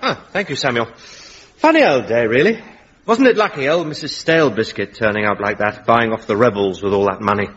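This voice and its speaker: An actor playing a polite, fussy and sly army captain. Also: male voice, medium pitch, lively intonation, fairly quick, a bit bright, lo-fi sound, lightly acted. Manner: mannered, pointed.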